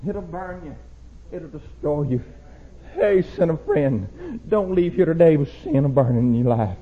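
A young man preaching a sermon, swinging from low, quiet warnings to loud shouted exhortation. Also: animated, a little slow. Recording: dull lo-fi church recording.

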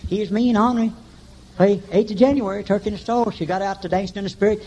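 An older man preaching a revival sermon in church, telling folksy stories and breaking into high shouts. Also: steady tone, quick pace, slightly rough. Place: church meeting. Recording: dull lo-fi recording.

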